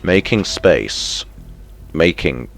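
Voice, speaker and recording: Low-voiced male streamer, slow but lively, chatty let's-play commentary with sudden yelps. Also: vocal fry. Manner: excitable, self-mocking, sudden yelps and mutters. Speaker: gaming streamer.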